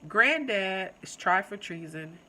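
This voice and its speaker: Bright, chatty woman reviewing a show. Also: medium pitch, slow pace, a little hiss or hum, rough recording. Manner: animated, chatty, talks straight to viewers. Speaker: channel host reviewing TV episodes. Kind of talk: casual video review.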